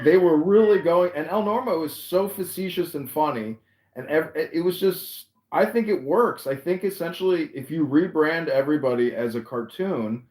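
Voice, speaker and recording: A man's voice: on the high side, darkish tone, roomy sound, a little hiss or hum. A man hosting a live audio chat room, talking in a brash, rambling way with plenty of swearing. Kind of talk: casual chat.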